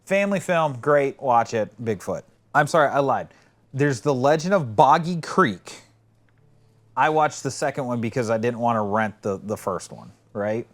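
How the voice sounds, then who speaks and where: A man co-hosting a podcast in casual chat, telling stories in a rambling, animated way and acting out quotes with swearing. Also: mid-range voice, moderate pace. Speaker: podcast co-host.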